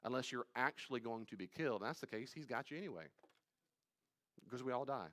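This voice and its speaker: Male pastor leading a live Bible study, mid-range voice, repeats key lines with force, then drops low and confiding. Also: animated, fast talker. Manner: emphatic and repetitive, swinging from loud stresses to quiet asides; conversational, addresses listeners directly.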